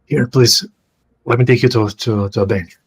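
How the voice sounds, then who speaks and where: A man voicing an earnest, protective male church inquisitor who speaks gently. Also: mid-range voice, steady tone, moderate pace, breathy edge, poor audio. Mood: reassuring.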